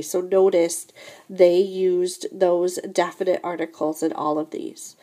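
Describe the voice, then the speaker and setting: A woman teaches a recorded French lesson, explaining grammar slowly and patiently and often repeating "remember" and "so again." Her voice is lowish, level and mellow.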